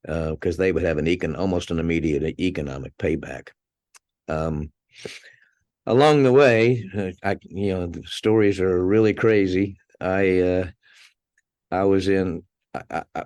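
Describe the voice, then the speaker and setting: A man's voice: deep voice, a little mellow, no room sound, studio quality. A man being interviewed as a podcast guest, telling anecdotes in a conversational way, chuckling now and then and restarting his words.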